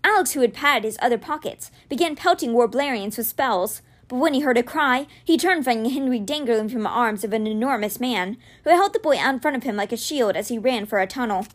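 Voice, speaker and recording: Lady reading a kids book out loud, kinda high voice, lively storytelling. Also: brisk, few pauses. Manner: expressive, voices dialogue with raised pitch. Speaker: reader. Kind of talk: reading a children's novel aloud.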